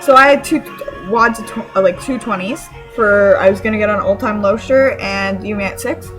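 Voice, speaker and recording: A woman from Canada telling a story to her camera in an excited, rambling way, full of fillers and restarts. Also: medium pitch, moderate pace, soft background music, rough recording. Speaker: vlogger.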